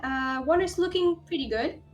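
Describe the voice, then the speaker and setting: A woman's voice: sits high, moderate pace, faint music behind. A woman running a tabletop game as dungeon master, laughing often while she narrates.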